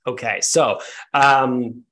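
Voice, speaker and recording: A man's voice: mid-range voice, fairly even intonation, drawn-out words, fairly bright tone. A man narrating as game master in a casual, rambling way with many fillers.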